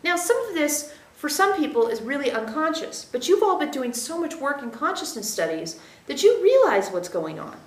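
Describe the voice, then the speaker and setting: Woman channeler, high voice, measured teaching tone, roomy echoey recording. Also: big pitch swings. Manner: measured, explanatory, speaks as "we", checks in with listeners. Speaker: channeler giving a spiritual teaching. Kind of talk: channeled spiritual teaching to a group. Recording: roomy echo.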